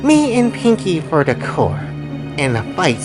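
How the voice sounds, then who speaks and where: A smug, playful young woman who taunts her foes in a lively, swooping voice, voiced by a man retelling the story. Faint music plays underneath. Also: deep voice, measured pace, pitched above the performer's own voice, heavily acted. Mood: teasing.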